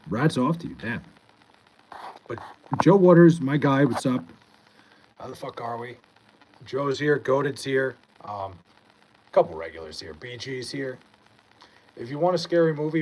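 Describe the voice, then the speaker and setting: A young man from Long Island, high and laid-back, reading comments aloud in a casual livestream and swearing freely. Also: breathy edge, poor audio. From Long Island, New York.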